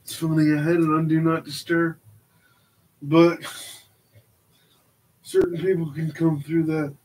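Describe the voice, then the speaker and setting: A man with a somewhat high voice drops short, offhand comments into a casual chat. A faint hum sits behind him. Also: level tone, measured pace, darkish tone, recorded from a distance, poor audio.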